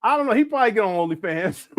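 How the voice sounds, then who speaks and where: A livestream host with a high, animated voice talks briskly in loose, joking, profane reaction commentary, tripping over his words. The audio has no echo.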